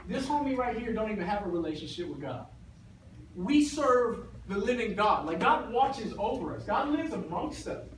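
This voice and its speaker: A man voicing a bold, streetwise young shepherd boy in slangy, excited talk. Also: sits high, moderate pace, a little hiss or hum. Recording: echoey hall, distant mic.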